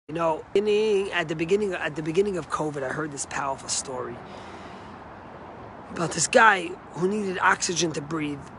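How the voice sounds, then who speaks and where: High-voiced rabbi telling stories earnestly. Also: male voice, a little fast, a little hiss or hum. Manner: earnest storytelling, drops low and soft for quotes. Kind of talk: short weekly sermon.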